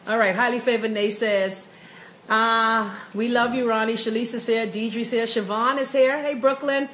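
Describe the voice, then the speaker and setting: This live-stream host is a woman with a Bahamian accent whose voice runs on the high side, steady and a bit bright, at a normal speed. She chats cheerfully, calling out viewers by name as she goes through their comments. Echo and faint noise fill the room.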